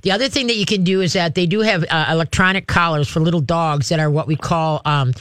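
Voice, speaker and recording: On his call-in radio show, a dog trainer gives advice in a homespun, folksy style with lively demonstrations. His voice is a little high and clean, he talks fast, and the recording is dry with clean studio sound.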